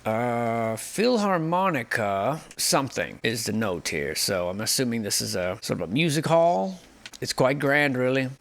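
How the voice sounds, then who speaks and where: A man's voice: mid-range voice, big pitch swings, moderate pace, creaky, few pauses. A man hosting casual, sarcastic commentary on photos of buildings, speculating as he goes. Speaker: host.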